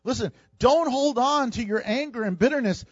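A man preaching a sermon, animated and humorous, acting out the people in his story. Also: extremely high pitch, normal speed, no echo, highs cut off. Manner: animated preaching, acts out quoted voices with humor. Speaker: pastor.

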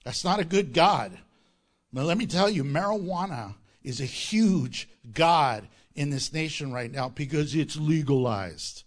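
A man preaching a sermon as pastor, animated and joking, often laughing at his own lines. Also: on the high side, measured pace.

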